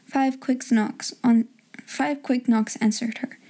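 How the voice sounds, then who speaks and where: A woman narrating a storybook in a gentle, measured reading voice. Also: fairly high pitch, fairly even intonation. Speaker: audiobook narrator.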